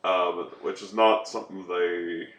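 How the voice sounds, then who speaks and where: A man with a very low voice explains film details hesitantly, filling his pauses with ums. He sounds like he is in a roomy space, with faint background noise. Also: steady tone, a bit bright. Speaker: podcast co-host. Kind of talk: casual chat.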